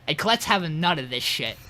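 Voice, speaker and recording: A man co-hosting a podcast, casually recapping an episode with animated storytelling and swearing, over a remote call. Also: fairly high pitch. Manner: animated retelling, swears, quotes characters. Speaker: podcast co-host.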